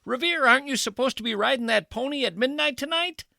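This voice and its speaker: A man doing a high, chiding giant lumberjack. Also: expressive, quick pace, vocal fry, bright, forceful tone, dry recording, studio quality, heavily acted. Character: giant male lumberjack, hearty and scolding.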